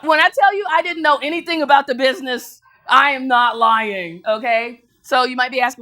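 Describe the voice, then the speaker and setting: A woman's voice: high voice, lively intonation, fairly quick, hardly any pauses, pushed and bright. A woman motivational speaker telling a story to an audience, acting out other people's lines and laughing as she goes. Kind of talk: motivational speech.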